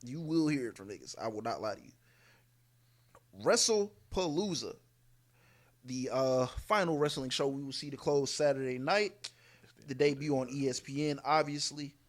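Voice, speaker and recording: A man in an easygoing podcast chat, voice sitting at a middle pitch. He hesitates often with fillers and drops in wry asides as he makes his picks. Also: brisk. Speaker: podcast co-host. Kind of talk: casual wrestling predictions chat.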